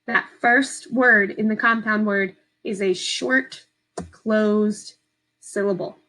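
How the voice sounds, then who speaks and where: A woman teacher giving a slow, patient, step-by-step phonics lesson to young children from home. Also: medium pitch, steady tone, pushed and bright, a little hiss or hum, low-quality recording.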